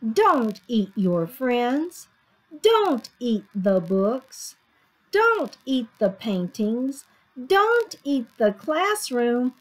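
A woman doing a squealing excitable little boy. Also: drawn-out words, full character voice. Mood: reciting. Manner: high, squealing and emphatic. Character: excitable young boy, eager, gets carried away.

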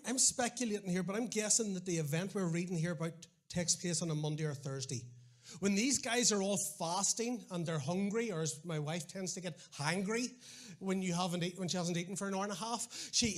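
A middle-aged Northern Irish man preaches a sermon, his voice sitting high and his pace fairly quick. He tells stories animatedly, drops in wry asides and often restarts his sentences.

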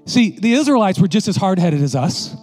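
A male pastor preaching a sermon in an animated, joking way, talking straight to his congregation. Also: high-pitched, brisk, faint music behind.

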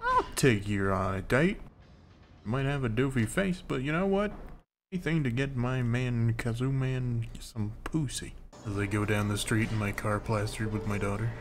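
A man's voice: medium pitch, moderate pace, noisy background. A young man giving crude, joking commentary while playing a video game. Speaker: let's play commentator. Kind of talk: comedic gameplay commentary. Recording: game music behind voice. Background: game music.

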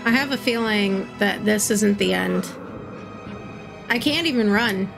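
A woman's voice: mid-range voice, a little slow, creaky, over music. A woman commenting on a horror game as she plays, yelping and talking herself through the scares. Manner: jumpy, yelps and talks herself through scares. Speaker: gaming streamer.

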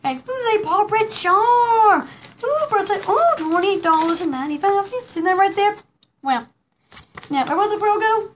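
Super high pitched woman gushing over jewelry, giggly and rambly, lots of um and like. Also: animated, moderate pace, slight background noise. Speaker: host showing pearl jewelry. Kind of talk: casual live product showcase.

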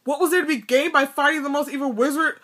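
A woman's voice: sits high, steady tone, fast, a bit bright, pitched above the performer's own voice. A woman reading aloud and voicing a furious grown man who roars accusations at a traitor. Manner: roaring, accusing. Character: furious grown male wizard confronting a traitor.

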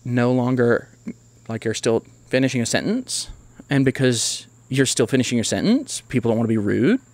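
A man hosting his own channel, giving an opinion commentary in a blunt, emphatic, lecturing way. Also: mid-range voice. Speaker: YouTube channel host.

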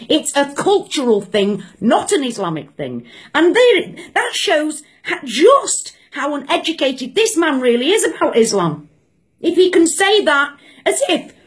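A woman rants to camera with a high voice that leaps all over the place. She sounds indignant and emphatic, hammering her points home by repeating phrases. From Britain. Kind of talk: angry opinion rant to camera.

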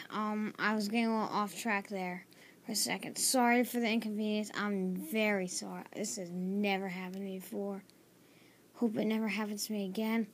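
Captured through a tablet's built-in camera mic with slight background noise, this tutorial host's voice sits at a medium pitch. She leads a relaxed building tutorial, apologizing frequently and hesitating with plenty of filler words.

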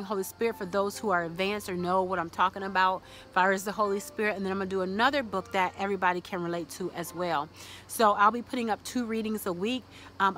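A woman's voice: mid-range voice, fairly bright tone, a little hiss or hum. A woman vlogging casually about her faith, chatty and encouraging, with many fillers.

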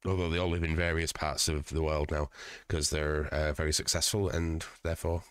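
A man's voice: very deep voice, level tone, fairly quick, smooth, dry recording. A man streaming live from home, chatting casually with a profane, rambling manner and stuffed up with a cold. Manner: profane, rambling, chuckling at his own jokes. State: congested with a cold.

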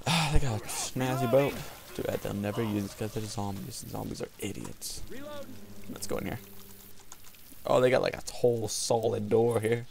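A man's voice: lowish voice, moderate pace, creaky, noisy background. A man rambling and joking as he comments on a video game, talking to its characters. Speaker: gaming video host. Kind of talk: let's play commentary. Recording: game gunfire over voice. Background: video game gunfire and ambience.

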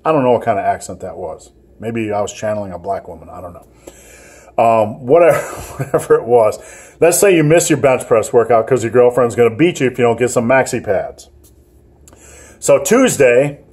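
A man's voice: medium pitch, a little mellow, breathy edge. A man hosting a fitness vlog, giving gym advice in a joking, rambling, self-mocking way. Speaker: fitness channel host.

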